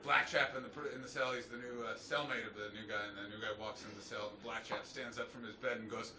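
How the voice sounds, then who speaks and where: A man from Canada doing a stand-up routine on a club stage, swinging from muttered asides to shouted punchlines. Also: mid-range voice, steady tone, fast, few pauses. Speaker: stand-up comedian. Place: comedy club stage before a laughing audience. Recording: echoey club from a distance, noisy.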